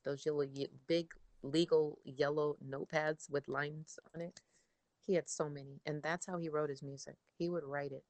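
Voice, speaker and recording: A middle-aged woman as an interview guest, chatting casually and telling animated stories. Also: deep voice, no room sound. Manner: animated storyteller, acts out her father's voice. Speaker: interview guest, daughter of a songwriter.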